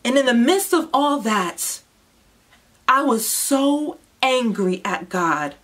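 A young woman shares a personal testimony in a slow, deliberate delivery. Her fairly high voice drops to hushed, heavy tones and then rises into impassioned bursts. Her manner is raw and intense throughout. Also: lively intonation. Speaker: testimony speaker.

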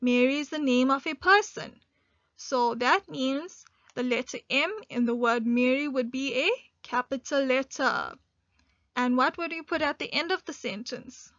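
A woman teaching an online grade one English lesson, speaking slowly and clearly and stressing key words. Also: sits high, a bit bright, no room sound. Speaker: primary school teacher. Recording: dull lo-fi dry recording.

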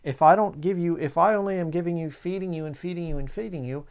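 Gravelly-voiced man preaching a sermon. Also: a little high, a little mellow. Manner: conversational preaching, reading scripture slowly.

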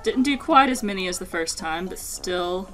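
A woman hosting a video game match, chatting casually with her guest, laughing easily and getting excited about the game. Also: fairly low pitch, normal speed, faint music behind, low-quality recording. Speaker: host of a game versus series. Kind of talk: casual chat while playing a video game.

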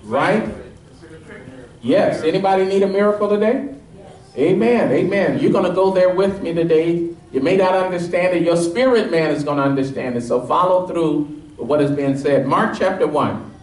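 Male pastor, fairly high voice, energetic call-and-response sermon, distant mic in a roomy sanctuary. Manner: call-and-response preaching, quizzing the congregation; energetic and emphatic, rising in pitch as he drives points home. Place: church sanctuary. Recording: echoey room, mic at a distance.

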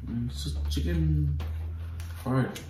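A hungover man co-hosting a casual vlog, mumbling in a low-energy, laid-back way. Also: slow pace, over music. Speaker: vlog co-host. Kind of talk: casual chat. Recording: roomy, distant mic, noise.

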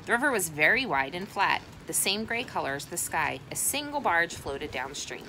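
Outdoors in cold, windy conditions with very noisy audio, a woman with a lowish voice reads a novel aloud at normal speed. She's casual, correcting her slips as she goes and giving the dialogue lively voices.

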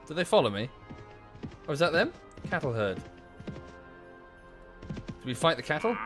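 A man's voice: on the high side, big pitch swings, normal speed, long pauses, soft background music. A young man commenting on his gameplay, easily exasperated and swearing often. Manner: exasperated, swears a lot, shouts at the game. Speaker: gameplay streamer.

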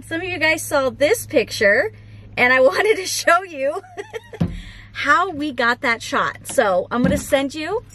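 A woman's voice: high-pitched, lively intonation, measured pace, a bit bright. A woman chatting casually to camera for a family vlog, soothing a nervous puppy, with music underneath. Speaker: family vlogger. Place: vet clinic and outdoors in snow.

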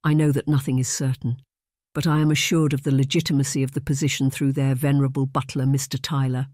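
A man's voice: medium pitch, level tone, quick pace, darkish tone, no room sound, studio quality, close to an everyday voice. A man voicing a kindly, cheerful middle-aged noblewoman who is letting her governess go, speaking graciously in an audiobook.

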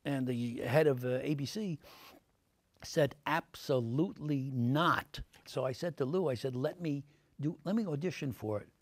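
A man's voice: medium pitch, moderate pace, slightly rough, no echo. Older New man telling stories. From Brooklyn, New York. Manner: animated anecdotes, many fillers, acts out quoted voices. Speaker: actor, interview guest. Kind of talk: storytelling interview answers. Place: TV studio.

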